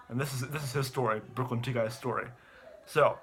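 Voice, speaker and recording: A young man giving an animated plot recap, stammering and repeating words as he goes. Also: mid-range voice, quick pace, slight background noise. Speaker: online video host.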